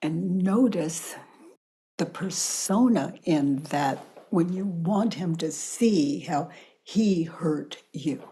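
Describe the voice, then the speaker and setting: An older woman facilitating a self-inquiry session, calm and deliberate, often dropping to a whisper. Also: on the low side, breathy edge. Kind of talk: slow guided inquiry dialogue.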